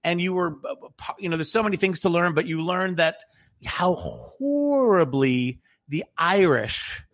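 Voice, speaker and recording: A man's voice: high-pitched, sing-song, measured pace, a bit bright. A man in casual chat, telling a story in a rambling way with many restarts and fillers.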